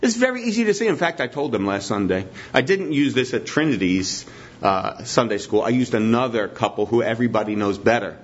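A man's voice: mid-range voice, expressive, fairly quick. A man preaching a sermon in a teacherly way, repeating his key points for emphasis. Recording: dull lo-fi recording.

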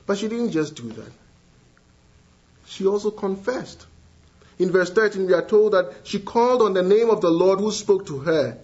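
A man preaching a sermon earnestly, moving between hushed lines and rising, emphatic appeals. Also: high voice, expressive, moderate pace, slightly rough. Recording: dull lo-fi sound.

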